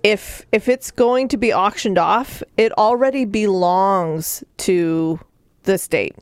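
Woman, book-podcast co-host, mid pitch, dry close mic, blunt opinions. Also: slow, smooth, no room sound. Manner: blunt, opinionated, filler-heavy. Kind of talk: casual book review chat.

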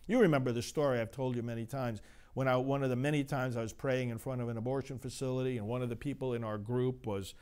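A man's voice: mid-range voice, fairly even intonation, fast talker, darkish tone, clean tone. A man, a priest, preaching an impassioned sermon that builds to emphatic outbursts.

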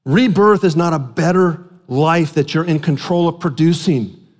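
A man's voice: fairly high pitch, normal speed, big-room sound. A man preaching a sermon as a pastor, talking in a conversational storytelling way and repeating key phrases for emphasis.

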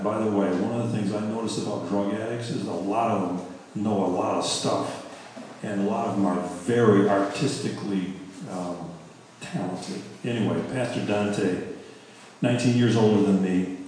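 A man's voice: on the low side, a little hiss or hum. Man, middle-aged, pastor, conversational story sermon, heavy echo, distant mic, long reverb. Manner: conversational, self-correcting, animated retelling. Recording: very echoey hall, speaker far from mic.

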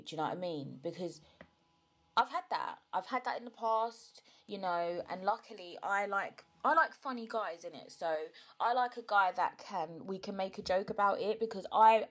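Speaking at a moderate pace in a mid-range voice, a young mother who vlogs chats casually to camera. She's frank and emotional, with lots of fillers and swearing.

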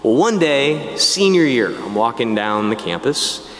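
A priest tells his own vocation story in a lively, casual manner, with asides to the listeners. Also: medium pitch, measured pace, big-room sound. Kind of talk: personal testimony talk.

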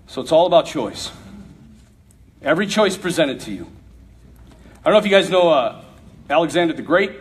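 A man's voice: on the high side, sing-song, normal speed, pauses often. A man giving an emphatic, conversational sermon-style talk to a young audience, with humor mixed in. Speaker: speaker addressing a youth audience.

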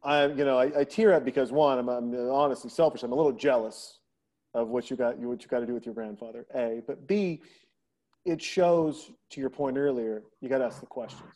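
A man's voice: medium pitch, fairly quick. A middle-aged man telling family stories in a casual podcast conversation, acting out the quoted voices of the people in them. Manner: animated, acts out quoted voices of his daughter.

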